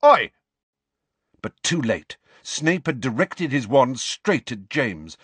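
Slow, expressive male audiobook narrator. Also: mid-range voice, breathy edge, no room sound. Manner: expressive, dramatic.

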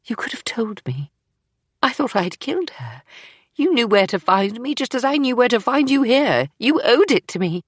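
A woman's voice: mid-range voice, sing-song, normal speed, pushed and bright, breathy edge, dry recording, studio quality, voice pushed up, heavily acted. A woman reading the part of a former wartime agent who presses pointedly for answers in an audiobook. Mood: accusing.

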